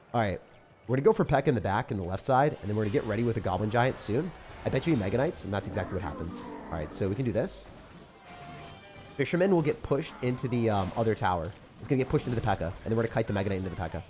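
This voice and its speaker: A man's voice: lowish voice, darkish tone. A young man giving casual, chatty gameplay commentary as a channel host. He talks in slang, jokes around and laughs often.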